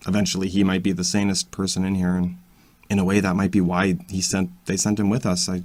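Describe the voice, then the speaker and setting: A man voicing a gentle, hesitant young woman. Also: low voice, flat delivery, quick pace, dry recording, natural voice. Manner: hesitant, reassuring, stammers. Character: gentle soft-spoken young woman, peacemaker. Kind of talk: amateur audio drama.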